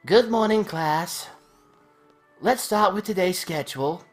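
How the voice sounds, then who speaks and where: A man's voice: high voice, unhurried, soft background music, pitched above the performer's own voice. A man voicing a prim young female instructor in a video game, with a mock-posh delivery. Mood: instructive.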